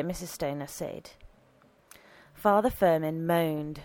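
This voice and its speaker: A woman narrating an audiobook story in an expressive, animated reading on a close microphone. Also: lowish voice, moderate pace, no echo, poor audio.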